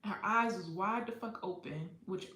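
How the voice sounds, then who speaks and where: A woman's voice: mid-range voice, moderate pace, fairly bright tone, reverberant. A woman hosting a livestream, telling a personal story in a candid, profane way and laughing often. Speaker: livestream host. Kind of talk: casual storytime chat.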